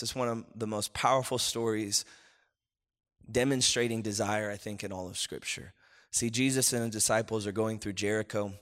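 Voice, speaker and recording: A man preaching a sermon as pastor, swinging from low murmurs to loud impassioned shouts. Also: big-room sound.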